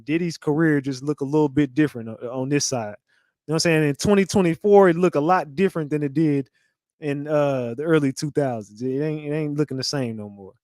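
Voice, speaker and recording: A man giving a casual commentary rant, animated and mocking, often breaking into laughter. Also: a little high, dry recording, studio quality. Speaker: commentary channel host.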